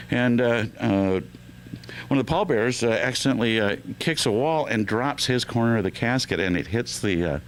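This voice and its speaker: Guy on the radio rattling off jokes, lowish voice, uh's everywhere, faint hum. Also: fairly bright tone. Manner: loose and joking, many fillers. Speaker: radio show host. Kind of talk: telling jokes on air.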